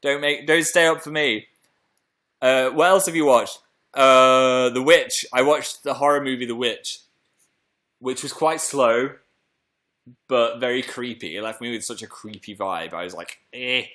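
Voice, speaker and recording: A young British man chats through a casual live stream with a bright, forward tone. He is playful and talkative and keeps reading out viewer messages between his own rambling stories. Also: medium pitch, unhurried. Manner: chatty, playful, reads out viewer comments. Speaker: livestream host.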